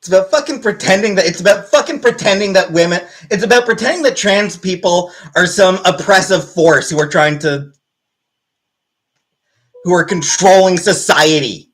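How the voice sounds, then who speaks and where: A woman's voice: fairly low pitch, normal speed, rough recording. A woman livestreamer ranting angrily and profanely to her chat, with an exasperated, mocking edge. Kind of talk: live-stream rant.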